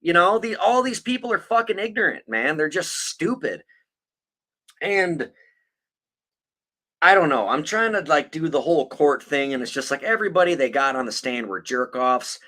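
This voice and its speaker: A man hosts a casual podcast, swearing freely and mocking as he rambles through a story. His voice sits a bit high and swings widely in pitch, with a bright, forceful edge. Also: expressive, moderate pace. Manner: profane, blunt and mocking; rambling with many fillers. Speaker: podcast host. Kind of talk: casual true-crime chat.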